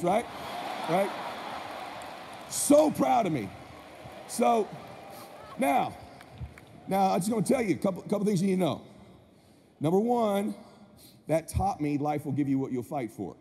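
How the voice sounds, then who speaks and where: A man with a high, mellow yet gravelly voice tells a story to a live audience. He speaks with energetic, punchy delivery. The sound is echoey, with a long hall reverb and faint background noise. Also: normal speed, pauses often. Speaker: motivational speaker.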